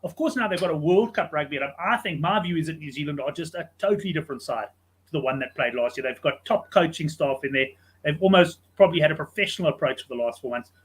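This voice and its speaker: A man hosting a sports betting show, chatting casually and telling stories in an animated way. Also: on the high side, quick pace, slightly rough. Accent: South African English.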